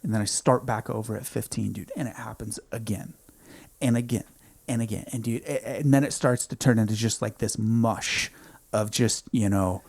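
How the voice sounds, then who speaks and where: A man in his thirties, a podcast guest in a home studio, telling a story in an intense, emphatic way, often saying "dude" and swinging between hushed and loud. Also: lowish voice, fairly even intonation, normal speed, dry recording. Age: 30s. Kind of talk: casual storytelling.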